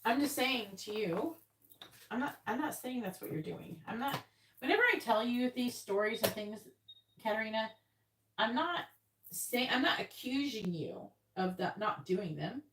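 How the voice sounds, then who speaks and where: A woman gives a live-stream tarot reading in a blunt, casual way, swearing freely and acting out quoted voices. Her voice is a little high, expressive, and a bit bright at normal speed, with a little hiss or hum.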